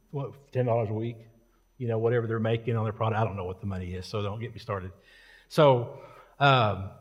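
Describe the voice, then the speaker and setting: A man's voice: medium pitch, big-room sound. A male preacher tells a story from the pulpit in a loose, conversational manner. His tone is folksy and full of jokes, and he talks to the congregation like friends. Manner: casual, joking, folksy. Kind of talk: sermon storytelling.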